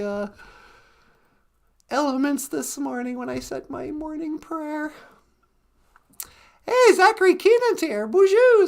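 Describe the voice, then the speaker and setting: A woman from Minnesota, USA, co-hosts a casual live stream in a high-pitched, darkish voice. She's playful, laughs often, and makes goofy computer beeps.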